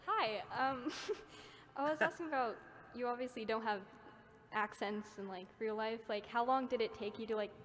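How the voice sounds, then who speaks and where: A woman's voice: fairly high pitch, moderate pace, a bit bright, big-room sound. A woman from the audience asking a question hesitantly, with many fillers. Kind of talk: casual question.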